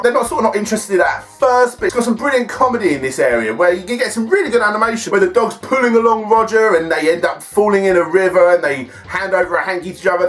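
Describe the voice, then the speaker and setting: A man's voice: high voice, fairly bright tone. A man hosting a film and game review, chatty and enthusiastic. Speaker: host.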